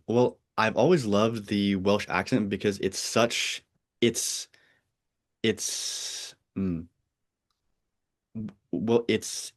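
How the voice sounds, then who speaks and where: A man hosting a casual conversation, talking in a hesitant, halting way with many restarts. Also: on the low side. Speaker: podcast host.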